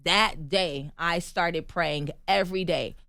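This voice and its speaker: A woman from the United States, a guest on a podcast interview, telling her story in an animated, emphatic way and laughing often. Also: fairly low pitch, slow, dry recording, studio quality. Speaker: guest, actress and stunt performer.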